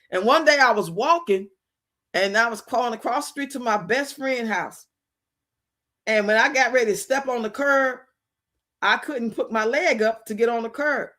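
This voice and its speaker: Bright-voiced chatty woman streamer. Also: fairly high pitch. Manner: chatty, laughs often, acts out quotes. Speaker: livestream host. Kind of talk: casual storytelling chat.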